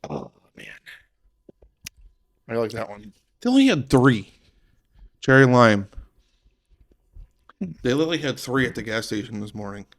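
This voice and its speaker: A man's voice: medium pitch, sing-song, a little slow, long pauses. A young man hosting a casual podcast chat, rambling and playful. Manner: rambling, playful, mock accents. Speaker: podcast host.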